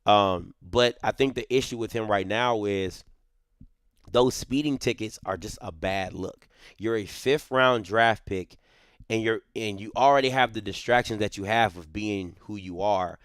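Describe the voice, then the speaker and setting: A man's voice: on the low side, unhurried, fairly bright tone, clean tone, no room sound, studio quality. A man hosting a sports show, giving casual, opinionated commentary. He talks emphatically, repeats his points, restarts sentences and often tags them with "right?".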